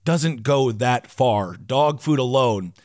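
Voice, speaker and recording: A man hosting a casual political podcast, animated and swearing freely. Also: mid-range voice, slow, no echo, clean studio sound. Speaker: podcast host.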